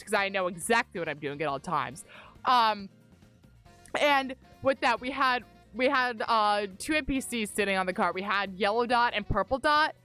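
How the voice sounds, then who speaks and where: A woman game master on stream, telling her tabletop story in a loose, rambling way and swearing freely. Her voice sits high and swings widely in pitch. Quiet music runs in the background. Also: animated, fairly quick. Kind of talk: casual storytelling while gaming.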